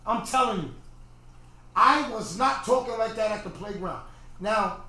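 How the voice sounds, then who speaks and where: Podcast host, middle-aged man, higher-pitched voice, animated rant, echoey room. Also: a little slow. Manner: animated ranting, repeats himself. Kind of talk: casual livestream monologue. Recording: very echoey room, faint noise.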